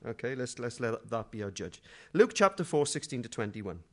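A middle-aged man preaching a sermon in a conversational, humorous way, moving between quiet asides and loud dramatic readings. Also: mid-range voice, sing-song, moderate pace.

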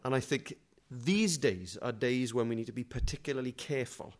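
Here a middle-aged preacher speaks at medium pitch and a slightly quick pace. His sermon is chatty and full of humor, shifting between quiet side remarks and loud, dramatic readings.

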